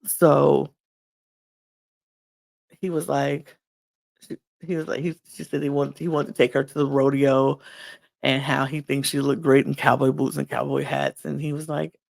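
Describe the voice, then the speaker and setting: A man's voice: medium pitch, vocal fry. A male podcast host chatting casually as he recaps a reality show and quotes what people said. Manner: chatty retelling full of quoted dialogue.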